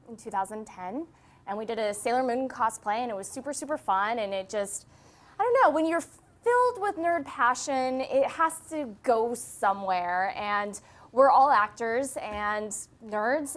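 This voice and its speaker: A bubbly woman with a high voice, answering questions as a guest on a live stream. She tells her story in a chatty, filler-laden way. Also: fairly bright tone. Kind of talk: casual interview.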